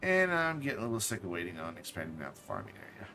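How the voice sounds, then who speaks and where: A man's voice: sits low, big pitch swings, fast, sharp tone, a little hiss or hum. Chatty man streaming a game. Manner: thinks aloud, chatty and self-correcting; jokey asides. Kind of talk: casual live-stream commentary.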